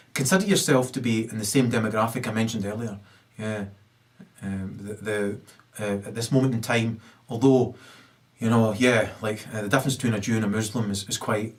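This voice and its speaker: A man in a rambling, ranting monologue, full of hesitations and fillers and with sudden loud rises. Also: medium pitch, distant mic. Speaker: video blogger.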